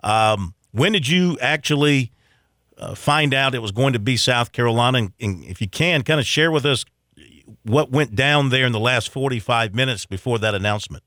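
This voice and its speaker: Male host, casual interviewer, mid-pitched, dry studio sound. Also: animated, normal speed, fairly bright tone, no echo. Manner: casual, conversational, fillers. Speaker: radio host. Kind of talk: interview questions.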